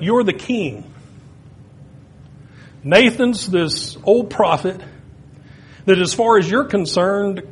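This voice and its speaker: A man preaching a sermon, retelling stories and building to loud, emphatic peaks. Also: a little high, slightly rough.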